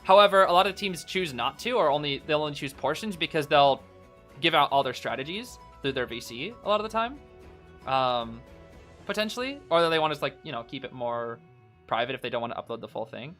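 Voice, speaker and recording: An excitable male streamer talks casually over live esports matches, tossing in "bro" and laughing often. His voice sits a little high and swings widely in pitch. Soft music plays faintly behind him. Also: a little fast.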